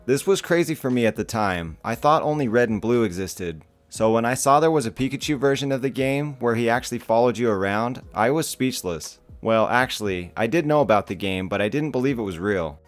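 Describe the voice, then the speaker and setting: A man's voice: medium pitch, lively intonation, brisk, hardly any pauses, soft background music. A man narrating internet stories in a casual, wry tone, as the channel's regular narrator.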